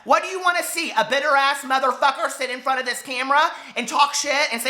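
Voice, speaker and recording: Squeaky high-voiced guy, 40s, bright voice, fired up and hurt, echoey room. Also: expressive, brisk. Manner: impassioned and hurt, swearing. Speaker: book vlogger. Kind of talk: emotional vlog rant to camera.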